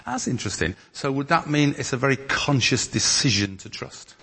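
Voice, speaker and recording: A man from northern England preaching and leading group discussion in a church hall, lively and emphatic as he reads scripture. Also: mid-range voice, normal speed, creaky, slightly rough. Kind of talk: teaching sermon with group discussion. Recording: long hall reverb.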